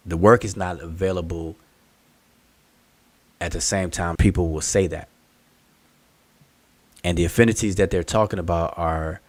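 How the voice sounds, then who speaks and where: Thinking aloud and explaining with patience, a low-voiced man hosts a casual study group discussion over a video call. The recording has no room sound.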